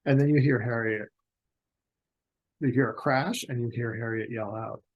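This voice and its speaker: A man's voice: medium pitch, fairly even intonation, lo-fi sound. A man narrating as game master of a tabletop role-playing game, hesitant and full of ums. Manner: slow, hesitant, many ums.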